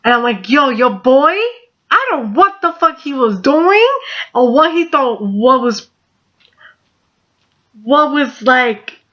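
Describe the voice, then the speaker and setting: A woman's voice: high voice, a bit bright, dull audio. A woman in her twenties telling a storytime, rambling with constant "like" and casual swearing. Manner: rambling, heavy use of "like", frequent swearing. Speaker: vlogger.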